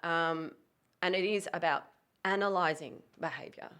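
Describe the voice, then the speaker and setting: A woman who talks about dog training in a casual podcast chat, emphatic and full of quick self-corrections. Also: lowish voice, a bit bright, clean tone.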